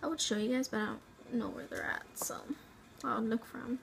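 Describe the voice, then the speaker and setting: A vlogger from the Rio Grande Valley in South Texas tells a personal story at home in a slightly high, gravelly voice. She talks briskly but rambles and hesitates, filling gaps with "um" and "like," sometimes sinking to a near whisper, with a faint hiss beneath her voice.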